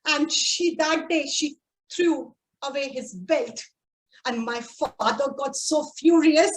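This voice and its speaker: A woman giving a prepared speech at a speaking club, slow and deliberate with dramatic pauses. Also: high-pitched, rough recording.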